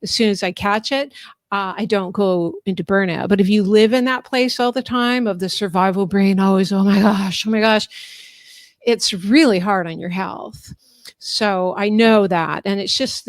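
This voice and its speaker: A woman coach walks through her method in an instructive, friendly way and often laughs. Her pitch sits in the middle range. She is on a video call with a dry, close sound. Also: dry recording. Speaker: life coach and author. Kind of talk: explaining a coaching method in a live online talk.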